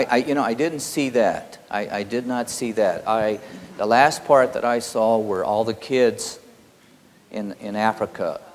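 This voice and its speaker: A man giving a spiritual teaching, halting with many fillers and quietly intense. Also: lowish voice. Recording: long hall reverb.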